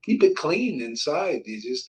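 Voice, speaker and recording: Slow-talking man who chuckles easily. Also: on the high side, very animated, low-quality recording. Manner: chuckling, easygoing, rambling.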